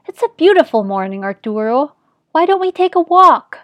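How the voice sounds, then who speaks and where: A woman's voice: on the high side, expressive, measured pace, darkish tone, slightly rough, no room sound, muffled recording. A woman voicing a soothing, worried mother. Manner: level, soothing.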